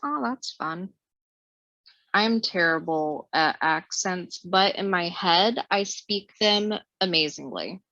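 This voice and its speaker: A woman's voice: lowish voice, slow pace, sharp tone, no room sound. A woman co-hosting a casual chat, playful and joking about herself. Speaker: podcast co-host. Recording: dry, dull lo-fi recording.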